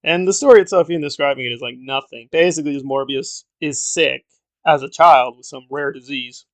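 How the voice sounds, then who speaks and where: A man reviews a film in a casual monologue, blunt and exasperated, often trailing into fillers. His voice is a touch high and gravelly with fry. The sound is dry and close, with no room around it. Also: fairly quick, no room sound.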